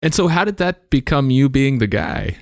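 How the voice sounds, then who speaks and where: A man hosting a podcast, asking relaxed, conversational questions. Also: mid-range voice, moderate pace, no echo, studio quality. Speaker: podcast host. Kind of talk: casual podcast interview.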